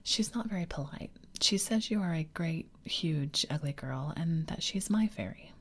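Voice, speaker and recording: A woman's voice: sits low, animated, moderate pace. A woman whispering the part of a cheerful, boastful boy who never wants to grow up, in a whispered role-play. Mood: gleeful. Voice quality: breathy whisper. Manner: eager, boyish, carefree.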